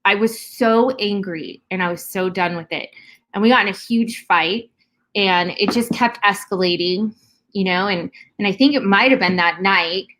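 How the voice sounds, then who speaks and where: A woman's voice: medium pitch, normal speed, a bit bright. A woman co-hosting a podcast, talking bluntly and heatedly in casual chat, swearing freely. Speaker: podcast co-host.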